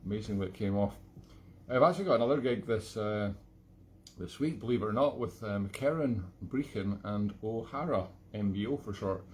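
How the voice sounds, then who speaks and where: A Scottish man, an accordion player hosting a live online gig from his flat, chatting between tunes in a rambling, self-mocking, jokey way. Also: on the low side, normal speed, a little hiss or hum. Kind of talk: casual chat between tunes.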